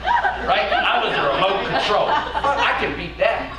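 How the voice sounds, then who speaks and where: Profane stand-up comic in echoey hall. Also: male voice, extremely high pitch, wildly swooping pitch, unhurried, recorded from a distance, over a noisy crowd. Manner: profane, storytelling, acts out family voices. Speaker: stand-up comedian. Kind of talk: stand-up set then casual chat. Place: comedy venue, large hall. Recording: echoey hall recorded from afar with loud noise.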